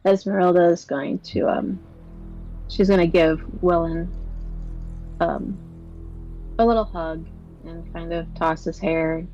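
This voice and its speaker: A woman's voice: on the low side, dark tone, highs cut off. A woman playing a character in a tabletop game. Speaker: player.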